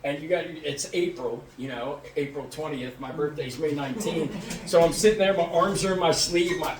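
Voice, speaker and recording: A man casually telling a crude, lively story and acting out the people in it. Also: on the high side, moderate pace, a little hiss or hum. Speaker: podcast co-host. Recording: echoey room, mic at a distance.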